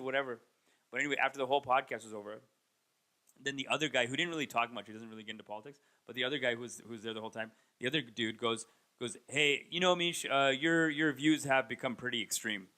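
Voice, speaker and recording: A man in his thirties, a comedian, rambling through a casual comedic monologue and mocking people with raised, animated impressions. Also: medium pitch, fast talker. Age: 30s. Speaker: comedian and podcast host. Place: Toronto.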